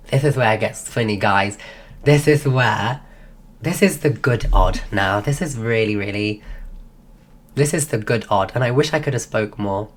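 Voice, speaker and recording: A woman streaming, telling a rambling story in casual chat while losing her voice. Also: very deep voice. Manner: rambling, full of restarts.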